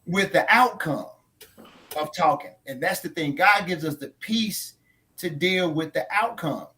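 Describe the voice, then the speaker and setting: A man with a fairly high voice and a bright, forceful edge. He talks about faith after a sermon, emphatic and preacherly, and he often repeats his key lines for weight. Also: unhurried. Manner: trains others in tone and inflection. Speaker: church leader on a post-sermon talk show. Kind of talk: casual faith discussion.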